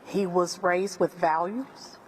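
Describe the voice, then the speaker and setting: A woman's voice: lowish voice, fairly even intonation, slow, a little hiss or hum. A middle-aged woman with a Southern US accent, giving an impassioned public speech as a family friend. She talks emphatically and repeats phrases for effect. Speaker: family friend speaking at press conference. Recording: long hall reverb.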